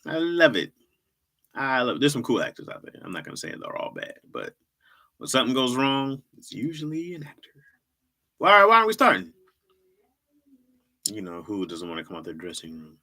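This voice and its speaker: A man's voice: medium pitch, pushed and bright. A middle-aged man hosting a livestream, chatting casually in a rambling, repetitive way and laughing often. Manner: rambling, repeats himself, laughs often, reacts to chat. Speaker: livestream host. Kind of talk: casual stand-up style chat.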